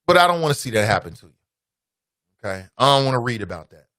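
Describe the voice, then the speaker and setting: A man's voice: medium pitch, sing-song, quick pace, long pauses, pushed and bright, no echo, clean studio sound. A man with a Cincinnati accent hosting a call-in radio show, lecturing listeners as family. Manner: preachy, addresses listeners as family. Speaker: radio talk show host. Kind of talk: call-in talk radio monologue.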